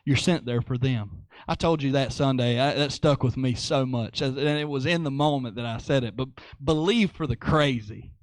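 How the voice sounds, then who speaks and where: A man preaching a sermon in an animated way, repeating phrases for emphasis. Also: mid-range voice, moderate pace, hardly any pauses, no echo.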